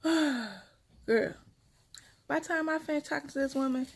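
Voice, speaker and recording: A young woman and mother, casually telling her viewers a story in a chatty, animated way and repeating her phrases as she goes. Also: high voice, a little slow, vocal fry. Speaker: mother vlogging about her kids.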